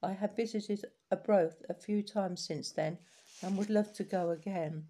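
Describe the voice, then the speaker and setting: A woman reading collected life stories aloud in a steady, unhurried way, with small restarts now and then. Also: medium pitch, slightly rough.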